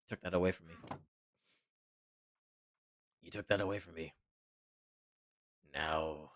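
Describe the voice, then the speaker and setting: A man's voice: low voice, unhurried, long pauses, sharp tone, a little hiss or hum. A man with a stuffy nose chatting casually on a live stream, rambling, swearing often and answering chat.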